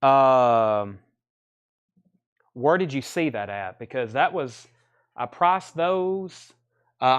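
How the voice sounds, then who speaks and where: A man hosting a live record sale, rattling off titles and prices and calling out buyers' names. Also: mid-range voice. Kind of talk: live sales patter.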